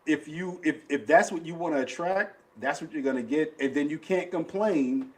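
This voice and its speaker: A man's voice: fairly high pitch, moderate pace. A man, chatting bluntly on a podcast and mimicking other people's voices. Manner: blunt, acts out quoted voices. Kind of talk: casual chat.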